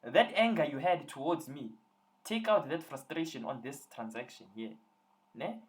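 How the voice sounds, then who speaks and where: A man's voice: on the high side, lively intonation, normal speed. A young man tutoring students on a live online call, teasing and joking with them as he works through examples.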